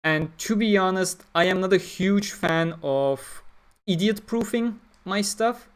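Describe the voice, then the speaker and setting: Man, somewhat high voice, blunt casual stream chatter. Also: takes it slowly, clear, resonant tone. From Turkey. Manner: opinionated, blunt, talks through ideas with fillers. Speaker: streamer answering chat. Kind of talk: casual livestream talk.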